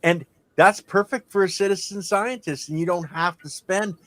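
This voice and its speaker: A man's voice: sits high, moderate pace, a bit bright, no echo. A man hosting a casual livestream chat, laid-back and chatty, thanking his guest and talking to the chat. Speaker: host.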